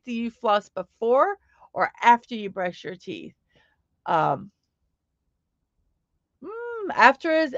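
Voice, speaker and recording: A middle-aged woman chatting on her morning livestream in an upbeat, rambling way, with a voice pitched a touch high. The sound is a bit dull and lo-fi, close and dry with no room echo. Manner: chatty, upbeat, reads chat aloud. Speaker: livestream host. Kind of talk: casual livestream chat.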